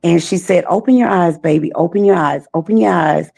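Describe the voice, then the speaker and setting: Woman, trafficking survivor guest, deep gravelly voice, halting repetitive delivery. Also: warm tone, no echo. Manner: slow, halting, repeats phrases. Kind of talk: personal testimony.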